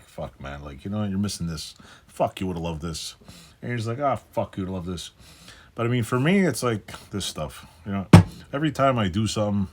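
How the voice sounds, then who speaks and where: Deep husky-voiced man rambling. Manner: rambling, profane, halting with many fillers. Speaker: channel host. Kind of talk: casual personal vlog monologue.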